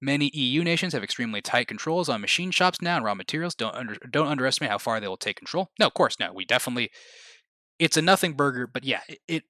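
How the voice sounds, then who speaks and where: A man's voice: medium pitch, expressive, fast, pushed and bright, no echo. A man hosting a livestream, rambling casually, restarting sentences and laughing at his own remarks. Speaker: livestream host.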